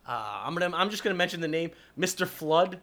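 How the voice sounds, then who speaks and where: A man, a podcast co-host telling rowdy stories in casual chat, laughing and swearing often. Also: fairly high pitch. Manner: laughing, swearing, animated storyteller.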